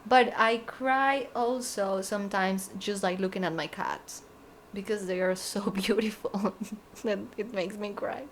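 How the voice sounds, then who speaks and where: A woman's voice: mid-range voice, a little slow, a little hiss or hum. Sleepy young woman chatting. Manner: tired, yawning, drifts into soft whispers, laughs often. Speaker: content creator answering fan questions. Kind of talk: casual Q&A vlog.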